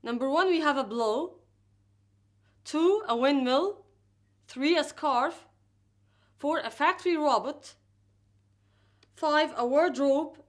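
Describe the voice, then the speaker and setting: Woman, high voice, careful slow drilling, recorded lesson. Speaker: English teacher.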